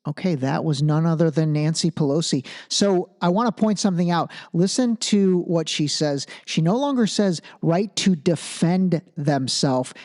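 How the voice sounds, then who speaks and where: A man's voice: fairly high pitch, normal speed, few pauses, darkish tone. A man hosting a solo podcast, talking casually and thinking aloud, restarting phrases and checking in with the listener. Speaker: podcast host.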